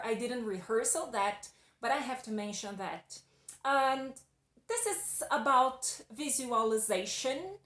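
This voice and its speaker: A woman's voice: on the high side, echoey room. A Brazilian woman with a Portuguese accent, a native Portuguese speaker, giving an emphatic, casual English lesson as a teacher. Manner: emphatic and loud.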